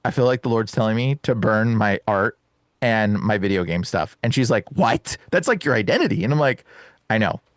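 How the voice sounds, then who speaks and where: A young man telling an excited personal story as a podcast guest, laughing often and calling the host bro and dude. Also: fairly low pitch, normal speed, dry recording.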